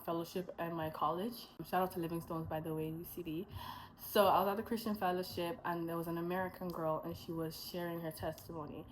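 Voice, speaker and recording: A young woman talks straight to her viewers in a casual testimony vlog. Her voice sits a little low, and she tells the story in a chatty, rambling way, with asides and quick self-corrections. She acts out the lines she and others said. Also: slight background noise, low-quality recording. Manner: chatty storytelling, acting out her own past dialogue. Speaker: vlogger sharing her faith testimony.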